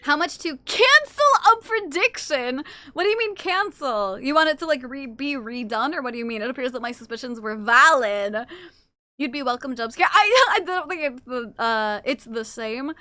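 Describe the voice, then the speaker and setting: High, bright-voiced woman streamer. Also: expressive, normal speed, no room sound. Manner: chatty, playful, reads chat aloud, swears casually. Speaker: livestreamer. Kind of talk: casual livestream chat.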